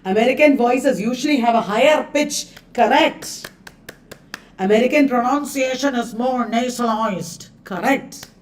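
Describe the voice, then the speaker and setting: Here a woman teacher with a slightly high voice leads an exam quiz lesson at a measured pace, reading questions and answer options and chattily saying them again. The mic is distant in an echoey room, and there's a little hiss or hum.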